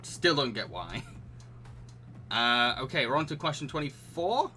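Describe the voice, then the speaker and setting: A man's voice: mid-range voice, expressive, unhurried, pushed and bright, a little hiss or hum. A man hosting a live-streamed quiz, reading out questions and options and chatting with his audience between laughs. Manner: chatty and giggly, reading out questions and answering chat. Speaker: quiz host.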